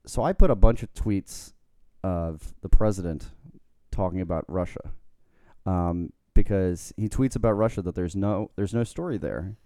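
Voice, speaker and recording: A man's voice: low voice, normal speed, warm tone, no echo. A man co-hosting a podcast, chatting casually with a dry, wry sense of humor. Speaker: podcast co-host. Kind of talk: casual chat.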